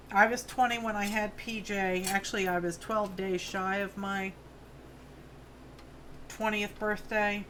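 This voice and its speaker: A woman's voice: medium pitch, a bit bright, slight background noise. A woman in her fifties with a New York accent, hosting a craft livestream and chatting casually with viewers while she works. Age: 50s. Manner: chatty, rambling, friendly asides to viewers. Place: home studio on a farm.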